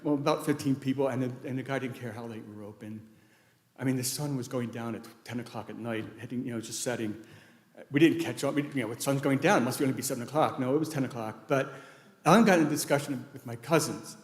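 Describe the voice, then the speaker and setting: Speaking quickly at medium pitch, a widower gives a eulogy in a large church sanctuary, wandering through anecdotal stories and frequently starting over. The hall is echoey.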